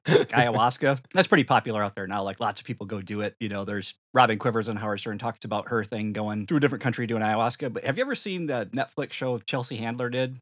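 Fast-talking middle-aged podcast man. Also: mid-range voice, fairly bright tone. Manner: rambling storyteller. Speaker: podcast co-host. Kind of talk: casual chat.

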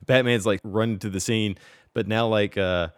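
A man with a mid-pitched voice rambles through a story in casual chat, leaning on fillers. The sound is dry and close, with no room echo. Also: steady tone, moderate pace, clear, resonant tone. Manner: rambling, heavy use of "like". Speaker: podcast co-host.

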